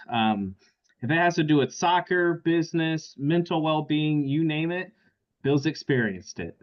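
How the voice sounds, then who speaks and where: A person introducing a guest speaker on a video call in a warm, casual way. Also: medium pitch. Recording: dull, lo-fi call audio.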